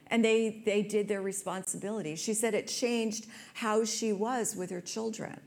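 A woman hosting a talk show, telling a personal story in an earnest, conversational way. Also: mid-range voice. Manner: earnest, storytelling, quotes people with voice changes.

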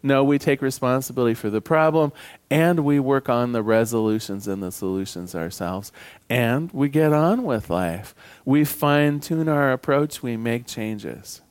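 Male pastor, sermon, conversational, humorous, mid pitch. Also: expressive, moderate pace, clean tone. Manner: conversational and humorous, tells jokes to the congregation.

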